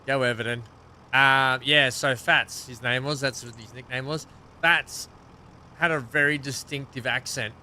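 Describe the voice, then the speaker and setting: A man's voice: mid-range voice, fairly even intonation, a little slow, pushed and bright, slight background noise. A man hosting a live gaming stream, chatting casually and greeting viewers by name as he plays. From Australia.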